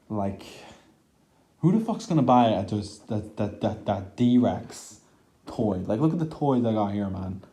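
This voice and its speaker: A young man rants through a film review, exasperated and swearing freely, his talk stuffed with "like" and sighs of disgust. His voice sits low and sounds mellow and warm rather than bright. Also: animated, unhurried. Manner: exasperated, profane, lots of "like" fillers. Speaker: movie reviewer.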